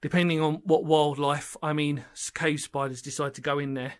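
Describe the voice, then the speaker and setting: A man's voice: a little high, flat delivery, moderate pace, clear, resonant tone. A man exploring an underground bunker alone and chatting to his channel viewers, rambling and enthusiastic. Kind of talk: casual solo exploring vlog. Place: inside a small underground brick bunker in woodland.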